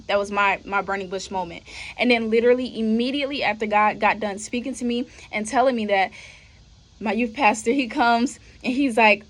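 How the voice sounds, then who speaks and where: A woman's voice: fairly high pitch, fairly even intonation, fairly quick. A young woman hosting a podcast, telling her faith testimony in a casual, conversational way and often addressing listeners as y'all. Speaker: podcast host.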